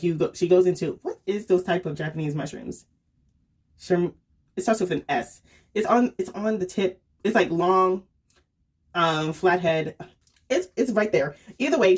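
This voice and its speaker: A woman with a lowish, breathy voice casually reviews a comic series. She's chatty, filling her storytelling with "um," "like," and "right?", often laughing and acting out quotes.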